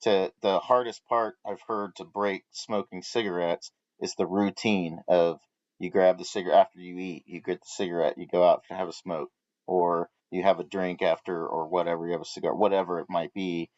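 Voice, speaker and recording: A man with a low voice shares a story during a live Bible study. He talks casually, with many restarts, and keeps circling back to his point. The sound is close and dry but muffled and dull. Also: flat delivery, moderate pace, a little mellow, no echo.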